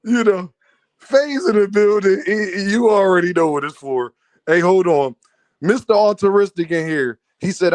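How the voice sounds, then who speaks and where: Animated man ranting on a livestream. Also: high voice, moderate pace, no room sound. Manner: animated, laughs often, talks to chat. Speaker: livestream host. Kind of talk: casual livestream rant reading donations.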